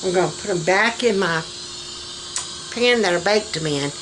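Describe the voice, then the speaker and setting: A woman's voice: lowish voice, moderate pace, noisy background. Chatty Southern woman in her kitchen. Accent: Southern American. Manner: chatty, folksy, laughs often. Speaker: vlogger. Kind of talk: casual cooking vlog chat. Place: home kitchen.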